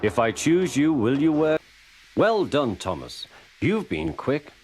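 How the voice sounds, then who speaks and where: A man's voice: medium pitch, very animated, slow, a little mellow, slight background noise, voice pushed up. A man voicing a pompous, fussy male railway boss in a storybook reading, stern and blustering. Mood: brisk.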